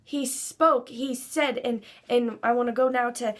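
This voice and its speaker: A woman's voice: fairly high pitch, steady tone, a little slow. A woman giving an earnest devotional talk to camera, building to emphatic preaching. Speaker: Christian speaker.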